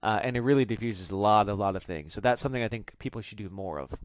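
A man's voice: on the low side, fast talker, dry recording. Chatty male podcast guest, dry sound. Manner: chatty, animated, with fillers and restarts. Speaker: podcast guest, business founder. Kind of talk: casual podcast conversation.

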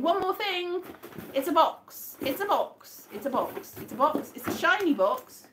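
A woman's voice: fairly high pitch, expressive, moderate pace, slight background noise. A woman from the UK chatting casually in a vlog, rambling and amused with herself as she guesses mystery items by touch. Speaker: vlogger.

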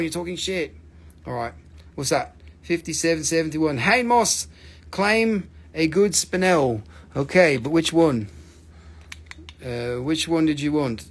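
A man from the Appalachian region of the US hosts a live mineral sale in a joking, rambling way, cussing freely. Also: a little high. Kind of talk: casual live-stream selling.

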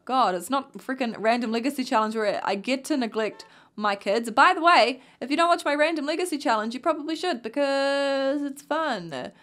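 Young kiwi woman rambling through a sims let's play, kinda tired, high voice, chatting to her little people. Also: animated, normal speed, fairly bright tone. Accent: New Zealand. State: tired, yawning. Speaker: gaming youtuber. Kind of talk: casual gameplay commentary.

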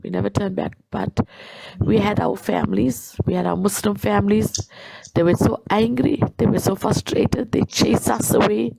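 A woman's voice: mid-range voice, fairly even intonation, normal speed, gravelly, warm tone, slightly rough, dry recording, rough recording. A woman telling her personal faith testimony in an earnest way, repeating herself for emphasis. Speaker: guest sharing a testimony.

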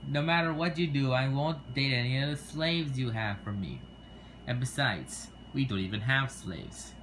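A man's voice: medium pitch, expressive, moderate pace, fairly bright tone, a little hiss or hum, close to an everyday voice. A man voicing a mopey young prince who complains to his father, in a homemade toy skit.

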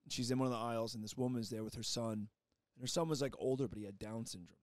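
Brief: young man, podcast co-host, brisk animated storyteller, dry close mic. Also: mid-range voice, no room sound. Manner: animated storyteller, swears freely. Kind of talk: casual chat.

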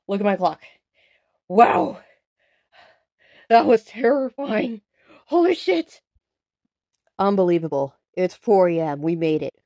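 A woman hosting a casual paranormal challenge vlog, excitable and dramatic, swearing freely as she talks to the camera. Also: on the high side. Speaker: video host.

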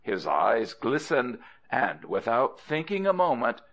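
A man narrates a storybook in an expressive way, speaking slowly with a lively, rising and falling pitch. His voice is gravelly, and the recording sounds dull and lo-fi. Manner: expressive, addresses the listener. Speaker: audiobook narrator.

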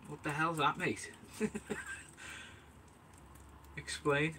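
Bright-voiced man chatting live. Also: medium pitch, steady tone, normal speed, slight background noise. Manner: chatty, calls viewers mate, reads out and answers live chat. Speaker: angler streaming live from his bait shop. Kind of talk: live stream chat while working. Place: small bait and tackle shack, indoors.

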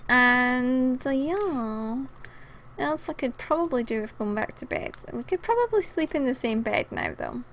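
A woman's voice: high-pitched, animated, unhurried, fairly bright tone, slight background noise. A woman hosting a casual let's play, chatting and giggling as she talks to the game characters, sounding tired. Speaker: gaming channel host.

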